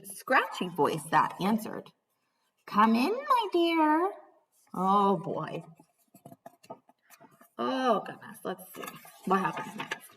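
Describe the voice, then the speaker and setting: A woman teacher in her thirties reading a storybook aloud to young children, animated, gasping, calling them friends. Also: medium pitch, far from the mic, slight background noise.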